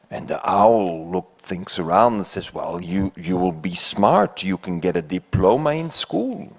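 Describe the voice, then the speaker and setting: A man's voice: low voice, very animated, a little slow, few pauses. An older man from Belgium, not an English speaker, giving a conference talk and telling a fable with rhetorical questions to the audience. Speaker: keynote speaker. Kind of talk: conference speech with a told fable. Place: conference hall.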